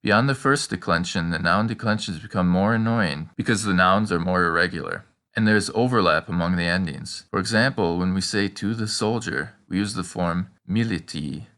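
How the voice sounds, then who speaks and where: Male teacher for a scripted lesson, bright and forceful tone, slows down for the examples. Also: deep voice. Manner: prompting the listener with questions and pauses. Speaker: language teacher.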